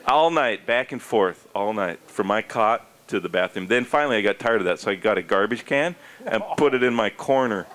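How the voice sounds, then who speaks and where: Middle-aged American man, comic raconteur with a lively, bouncing delivery. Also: a little fast. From United States. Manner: animated, jumps into high squeaky character voices for quoted people. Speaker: cycling commentator and former pro racer. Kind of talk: comic storytelling to a live audience.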